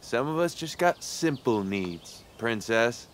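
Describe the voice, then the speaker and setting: A man's voice: mid-range voice, lively intonation, takes it slowly, slight background noise. An actor voicing a cocky, joking young male drifter in a video game.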